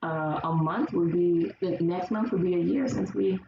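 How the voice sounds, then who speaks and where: A woman's voice: lowish voice, normal speed, vocal fry. A woman podcast guest telling stories in casual conversation and acting out what people said. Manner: animated storyteller who acts out quotes. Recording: echoey, distant, dull lo-fi, faint noise.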